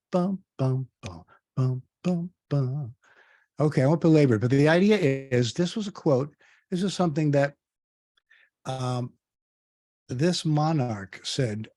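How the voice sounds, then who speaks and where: An older man in his sixties presents to an online audience in a relaxed, chatty way, pausing to quiz listeners. His voice is warm and mellow at a middle pitch. The sound is dry and close, with no room echo. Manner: conversational, quizzes the audience, frequent ums. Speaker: guest speaker.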